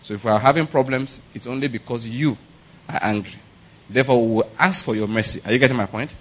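A man's voice: mid-range voice, fast talker. A man delivers a sermon in a storytelling way. He slips into pidgin for anecdotes. He keeps turning to his listeners to ask whether they understand. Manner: animated storytelling with pidgin asides, laughing; repeats questions to the congregation. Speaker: pastor.

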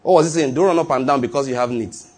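Male pastor, middle-aged, husky tone, emphatic sermon delivery. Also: medium pitch, quick pace. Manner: emphatic, repetitive preaching with acted quotes and chuckles.

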